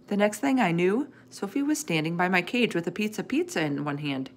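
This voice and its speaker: A woman's voice: on the low side, expressive, brisk. A woman reading a children's chapter book aloud, narrating expressively in the first person. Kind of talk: storybook read-aloud.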